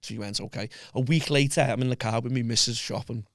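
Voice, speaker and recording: Gravelly Scouse man spinning a yarn. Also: medium pitch, fairly even intonation, fast, fairly bright tone, dry recording, clean studio sound. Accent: Liverpool. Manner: swears constantly, acts out quoted voices. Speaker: podcast guest. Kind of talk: casual storytelling chat.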